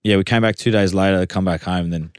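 A man's voice: low-pitched, fairly even intonation, quick pace, clear, resonant tone, dry recording, studio quality. A man with an Australian accent telling a long story in casual chat, full of fillers and restarts. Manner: rambling storytelling with many fillers. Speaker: podcast guest, footballer.

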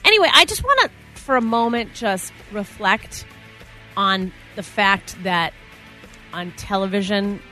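A woman co-hosting morning radio chats about the news in a gossipy way. Her voice is bright and forward, with faint music behind it. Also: medium pitch, animated, measured pace, poor audio. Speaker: radio morning show co-host.

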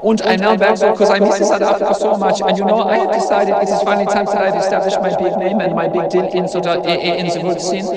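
A high-pitched, boastful foreign club DJ, as a man puts him on, rambling in slurred, mumbling broken English and bragging about his jet-set gigs. He sounds roomy and set back from the mic, with loud crowd noise around him. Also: little pitch movement, fast talker, few pauses, distant mic, close to an everyday voice. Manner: rambling and self-important. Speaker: comedy character on a radio show.

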